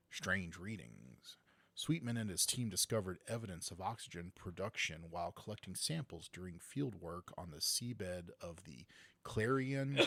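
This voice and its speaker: A man's voice: sits low, fairly bright tone, no room sound. A man co-hosting a podcast, reading a science news story aloud with joking asides, a bit tipsy. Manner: reads steadily with asides and jokes, a bit tipsy. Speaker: podcast co-host. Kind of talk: casual chat, reading a news article aloud.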